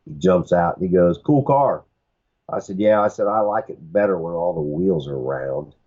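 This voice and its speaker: Deep, darkish and husky, this man's voice moves at a moderate pace with fairly even intonation as he casually recounts a meandering story on a podcast, voicing the other characters himself. The audio is dull.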